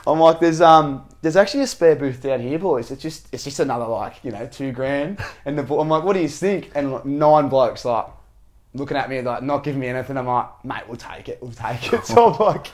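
A young Australian man telling a story on a podcast. His voice is mid-pitched, and he shifts between hushed asides and loud, laughing bursts as he tells it. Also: brisk. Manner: animated storytelling, laughing, slangy. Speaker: podcast host. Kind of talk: casual chat.

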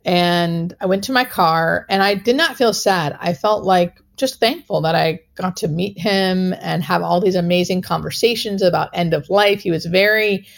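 Woman guest, hospice nurse; lowish, gravelly voice; earnest, emotional storytelling full of fillers. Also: normal speed, hardly any pauses. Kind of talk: personal storytelling in interview.

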